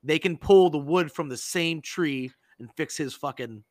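A man hosting a podcast, telling stories in a casual, animated and profane way and acting out the people he quotes. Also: on the high side, unhurried, dry recording. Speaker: podcast host. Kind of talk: casual storytelling chat.

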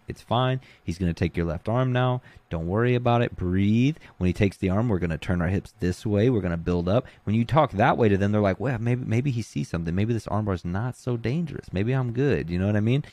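This man's voice sits low, and there's no room sound. He coaches jiu-jitsu and chats casually in an interview, relaxed and conversational, packing his speech with fillers like "you know" and "like."

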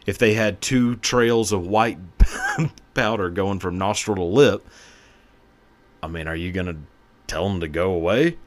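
A young man hosting his own podcast, talking casually in a crude, profane, joking way and laughing often. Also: lowish voice. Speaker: podcast host. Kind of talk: casual solo podcast monologue.

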